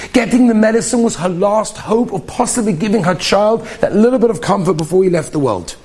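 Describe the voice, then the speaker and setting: An earnest male storyteller with a voice a little higher than most men's. He tells a story with a lesson, emphatic and heartfelt, and often repeats a phrase for weight. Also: slight background noise.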